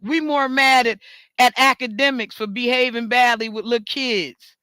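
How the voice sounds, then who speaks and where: A woman rants straight into the mic in a high, bright voice. She swears freely and repeats words for emphasis, and the dry recording has no room sound. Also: fairly even intonation, normal speed, clear, resonant tone, no room sound. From New York. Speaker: talk show host. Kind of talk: ranting monologue.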